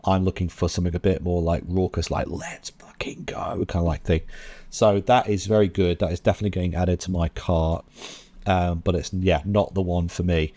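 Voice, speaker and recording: A man hosting a show reviewing new drum and bass tracks, talking casually and bluntly with lots of fillers. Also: fairly even intonation, fairly quick, warm tone. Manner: chatty and blunt, with frequent fillers and laughs. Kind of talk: casual commentary. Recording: music playing under the voice.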